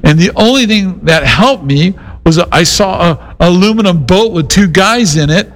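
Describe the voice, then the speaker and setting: A man's voice: high-pitched, expressive, normal speed, low-quality recording. A middle-aged man preaching a sermon in a casual, conversational way, mixing Bible teaching with a personal story. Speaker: pastor.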